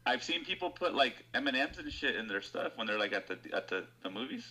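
A laid-back man in casual podcast chat, tossing in quick follow-up questions. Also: medium pitch, very animated, sharp tone, poor audio.

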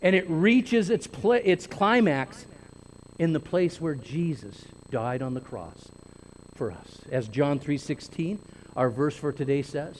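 A man preaching a sermon, deliberate and emphatic, drawing out key words for weight. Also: a little high, lively intonation, a little mellow. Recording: long reverb with faint noise.

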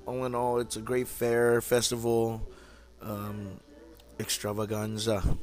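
A man's voice: fairly low pitch, monotone, takes it slowly, darkish tone. Laid-back slangy man hosting a podcast. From California. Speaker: podcast host. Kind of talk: casual solo podcast chat.

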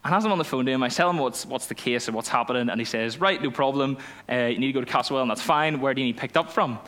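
A young man, a youth pastor telling a personal story in a sermon, animated and self-mocking, acting out the dialogue. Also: medium pitch, racing. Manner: animated storytelling, laughs at himself, acts out dialogue.

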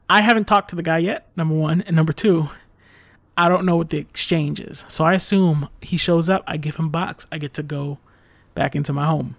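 A man's voice: on the high side, moderate pace, creaky, no echo. A man telling a casual story in a rambling, exasperated way, full of fillers and the odd swear word.

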